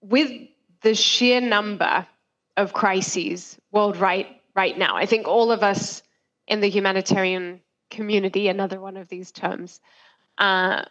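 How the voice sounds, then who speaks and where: A woman's voice: medium pitch, fairly even intonation, fairly bright tone. Earnest woman speaking over a muffled online link. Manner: earnest, measured, urgent. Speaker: panel speaker from humanitarian agency. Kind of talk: panel discussion remarks. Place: remote video link.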